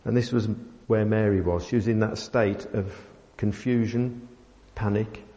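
A man preaching a sermon, telling a family story with many pauses and fillers. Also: on the low side, steady tone, warm tone. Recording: dull sound in a long-reverb hall.

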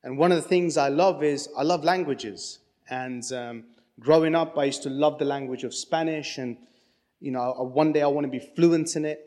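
A man speaks to a congregation in an easy, chatty way, stopping and restarting as he tells stories. His voice sits fairly high. A long reverb rings around him in the hall. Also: moderate pace, a little mellow. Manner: chatty, storytelling, many restarts. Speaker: church speaker. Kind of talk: casual sermon talk with anecdotes.

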